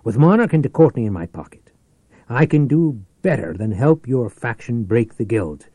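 Ruthless scheming tycoon, read by a man, forceful, calculating, persuasive, dark tone, lively delivery. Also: medium pitch, husky, dry recording. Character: ruthless scheming rich male businessman.

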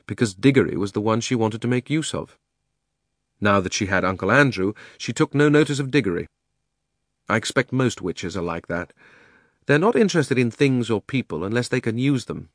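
A man reads a storybook aloud in a measured, expressive way. His voice sits somewhat low, and the recording is dry with no room sound. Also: no room sound. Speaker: narrator. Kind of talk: storybook narration.

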